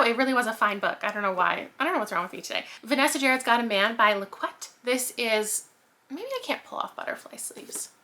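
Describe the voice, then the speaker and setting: A woman's voice: mid-range voice, sharp tone. A woman host chatting casually through a book haul, rambling and self-mocking. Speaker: booktuber host.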